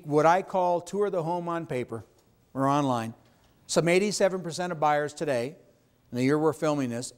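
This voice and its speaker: Man, slightly high voice, emphatic seminar trainer, keeps checking in with the room. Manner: emphatic, asks the audience questions. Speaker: real estate sales trainer. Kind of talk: live sales training seminar.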